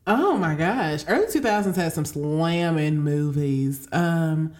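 This is a young woman co-hosting a podcast in loose, casual chat. Her voice sits on the lower side, and she talks playfully and often turns to speak straight to her listeners. She draws out her words for effect. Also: expressive, a little mellow. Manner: playful, drawn-out, addresses listeners directly. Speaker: podcast co-host.

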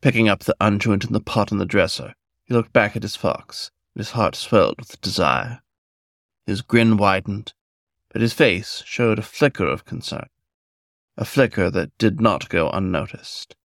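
A man reads a story aloud in a measured, scripted storytelling manner. His voice is gravelly and fairly low, recorded dry and close. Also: animated, dry recording. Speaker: narrator.

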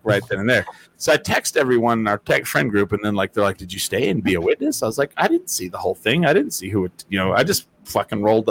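A man hosting a casual chat. He tells stories in a lively, profane way and acts out what people said. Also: fairly low pitch, slight background noise. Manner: animated, profane storytelling with acted-out quotes. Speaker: host.

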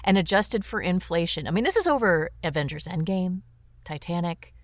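A woman's voice: fairly low pitch, lively intonation, moderate pace, no echo. A woman co-hosting a podcast, chatting casually about an old film and often restarting sentences mid-thought. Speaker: podcast co-host.

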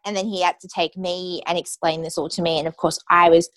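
Candid young woman, low voice, dry sound. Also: brisk, few pauses, dry recording. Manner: candid, animated, many "like" fillers. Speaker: guest telling her story. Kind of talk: personal storytelling in conversation.

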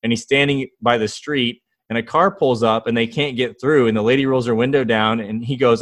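A man in his thirties, a guest in an interview, telling lively stories about his kids and acting out their quotes. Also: medium pitch, a little fast, few pauses, dry recording. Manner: enthusiastic storyteller, acts out quotes. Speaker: guest, fatherhood author and founder. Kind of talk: conversational interview storytelling.

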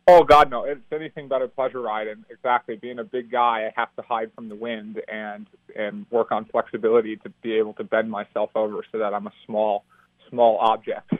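A man's voice: on the low side, little pitch movement, fairly quick, dry recording. Upbeat young man on a tinny phone line. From United States. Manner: upbeat, laughs easily. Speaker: professional triathlete guest. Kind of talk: phone-in interview.

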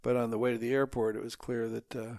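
A man in his seventies with a gravelly edge, speaking at an even middle pitch. He tells family stories with dry, teasing humor, recorded close on a mic with a dead, dry sound. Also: quick pace, no room sound. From Minnesota. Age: 70s. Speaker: guest, the host's father. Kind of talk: casual family interview.

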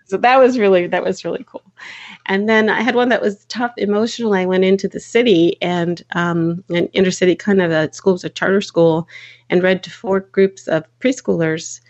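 A woman, a children's book author, chatting in an interview and telling stories, animated when quoting others. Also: medium pitch, moderate pace, dull audio. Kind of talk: casual interview storytelling.

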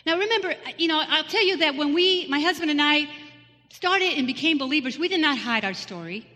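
Lady telling her story from the pulpit, bright sharp voice, asks the crowd questions, echoes round the church. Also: high voice, expressive, a little fast. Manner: earnest storytelling with rhetorical questions to the congregation. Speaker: lay speaker giving a testimony. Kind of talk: personal testimony sermon. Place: church sanctuary.

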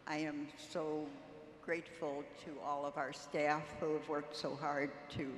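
A woman guest on a convention stage, speaking slowly and haltingly with heartfelt thanks. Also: low voice, slight background noise. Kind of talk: onstage interview answer. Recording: echoey hall, faint ambience.

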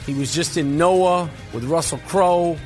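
A man's voice: a little high, unhurried, a little mellow, soft background music. A man hosting a podcast in casual banter, brash, teasing and full of swearing. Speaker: podcast host.

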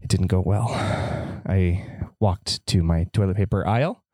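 A man's voice: low-pitched, measured pace, darkish tone, no echo, studio quality. A man hosting a comedic podcast monologue, rambling in a mock-panicked, self-deprecating way. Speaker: podcast host.

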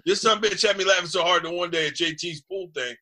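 A man's voice: high voice, fast. A middle-aged man from New Jersey, a former quarterback telling boisterous, profane locker-room stories as a guest in casual chat. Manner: boisterous, profane, animated storyteller.

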